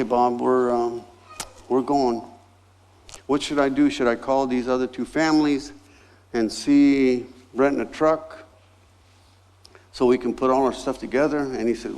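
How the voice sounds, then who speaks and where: A man in his sixties, a guest pastor telling a personal story in a sermon and acting out the other people's lines. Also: mid-range voice. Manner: animated, acts out voices in his anecdotes.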